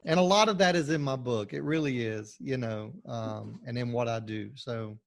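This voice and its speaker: A man's voice: mid-range voice, normal speed, vocal fry. A man speaking as a pastor guest on a podcast interview, emphatic and preacherly, with frequent restarts.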